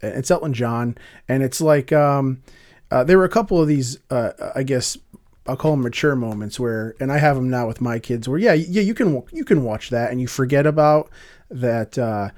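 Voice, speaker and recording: A middle-aged man co-hosting a casual music chat, talking in halting bursts with many restarts and fillers. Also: medium pitch, expressive, darkish tone. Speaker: podcast co-host.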